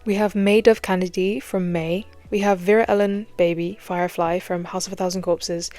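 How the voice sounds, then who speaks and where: A woman's voice: lowish voice, steady tone, normal speed, a little mellow, faint music behind. A young British woman giving scripted, playful commentary with jokey, self-mocking asides. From Britain. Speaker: horror commentary YouTuber.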